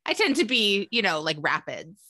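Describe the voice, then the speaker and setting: A woman co-hosting a podcast and speaking as a therapist, chatty and animated, laughing often. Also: mid-range voice, moderate pace, no echo, studio quality. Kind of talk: casual podcast chat.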